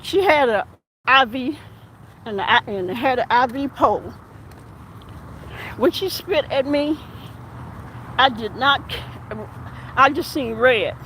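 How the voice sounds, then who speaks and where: A woman police officer telling a story while walking outdoors, animated and acting out the back-and-forth. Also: high voice, slow, long pauses, slight background noise, rough recording. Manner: animated, acts out quoted exchanges. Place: outdoors on an urban street.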